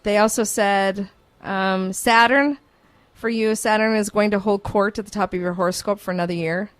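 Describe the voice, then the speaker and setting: A woman hosting a morning radio show, telling a story in an animated, chatty way. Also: medium pitch, normal speed. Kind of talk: casual radio chat, storytelling. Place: radio studio.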